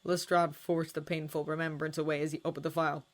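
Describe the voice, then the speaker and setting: A woman narrating fan fiction as an expressive, dramatic audiobook reading. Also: low voice, fast. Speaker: fanfiction reader.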